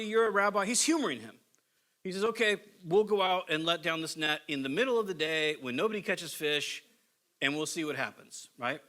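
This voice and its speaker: Middle-aged guy preaching, chatty storyteller, high-ish voice. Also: pushed and bright. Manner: conversational storytelling, acts out quotes. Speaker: pastor. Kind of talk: sermon.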